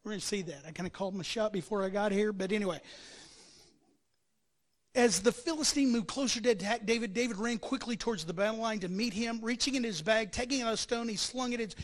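A man's voice: high-pitched, fast talker. A male pastor preaching a sermon, telling the story with energy and acting out quotes and sound effects.

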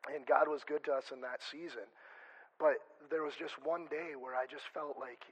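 A man's voice: fairly high pitch, steady tone, normal speed, husky, poor audio. A male pastor preaching a conversational sermon, chatty and joking, often stopping and restarting mid-sentence. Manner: chatty, self-interrupting, joking asides.

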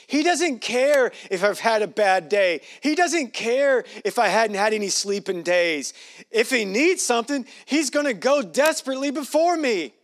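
A man's voice: very high-pitched, lively intonation, normal speed. A man preaching a sermon in a folksy, joking way with playful asides. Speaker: pastor.

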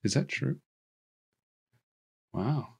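A man's voice: medium pitch, animated, drawn-out words, creaky, darkish tone, husky. A man on a podcast casually recapping a movie, rambling and joking and acting out the characters' lines. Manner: rambling and jokey, with frequent restarts and playful quoted voices.

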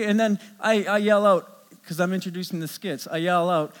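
In a large hall with long reverb, a middle-aged male pastor delivers a sermon in a high, lively, brisk voice. He tells an animated story, stumbling through many restarts as he builds it up.

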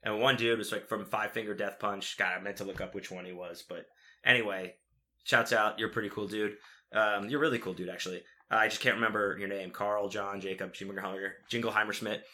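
A young man in casual chat, telling a profane, animated story and acting out what people said. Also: on the low side, brisk.

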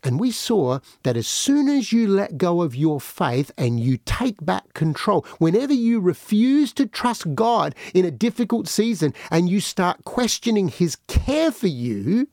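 A man's voice: high-pitched, a little slow, no echo, studio quality. A man preaching a podcast sermon, addressing listeners directly and acting out the voices he quotes. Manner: animated, acts out quoted voices.

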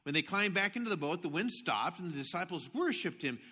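Bright-voiced animated male pastor. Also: sits high, a little fast, breathy edge. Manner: animated storytelling, swinging between hushed asides and loud outbursts. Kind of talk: sermon.

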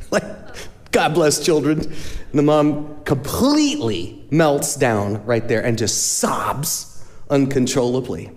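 A man speaking as a charity's guest speaker, telling stories in a lively sermon style and acting out the voices of the people he quotes. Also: mid-range voice, slow. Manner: animated storyteller, acts out quoted voices. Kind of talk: storytelling sermon talk. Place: church sanctuary. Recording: long hall reverb.

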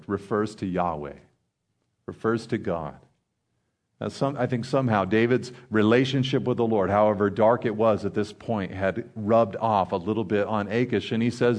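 A man's voice: lowish voice, darkish tone. Casual man teaching scripture. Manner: conversational, reads scripture slowly then explains with many "like"s. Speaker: Bible teacher. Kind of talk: Bible study sermon.

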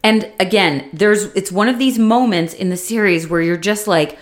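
A woman co-hosting a casual podcast chat, recapping a TV series and acting out the characters' lines with big leaps in pitch. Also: moderate pace. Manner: animated retelling, acts out quotes with big pitch jumps. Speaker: podcast co-host.

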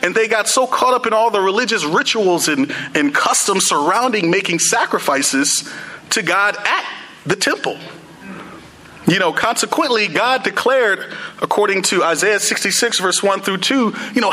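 A man's voice: high voice, lively intonation, normal speed, bright, forceful tone, poor audio. A young man preaching a sermon in a casual, conversational way, full of "you know" and "like".

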